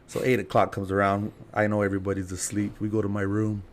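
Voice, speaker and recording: A man telling a story as a podcast guest, casual and animated, laughing and acting out other people's lines. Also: fairly low pitch, fast talker, few pauses, a little hiss or hum. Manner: animated, laughing, acts out quotes.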